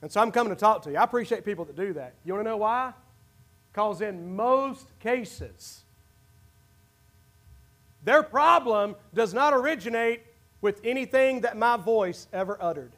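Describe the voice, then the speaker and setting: A very high-voiced pastor delivers an expressive, passionate sermon at a moderate pace in a church sanctuary, seemingly to a congregation during a service. He shifts from near shouts to quiet, low asides.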